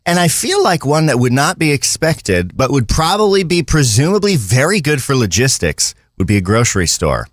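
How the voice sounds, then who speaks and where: A man's voice: medium pitch, big pitch swings, normal speed, hardly any pauses, no echo, studio quality. A man co-hosting a podcast in casual chat, easygoing and a bit rambling. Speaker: podcast co-host.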